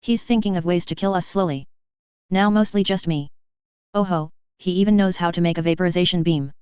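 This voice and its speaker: A woman's voice: on the low side, a little fast, a little mellow, clear, resonant tone, dry recording, highs cut off, close to an everyday voice. A woman reading aloud voicing a smug, gloating male villain who mocks and crows. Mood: crowing. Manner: crowing, mocking, cackling.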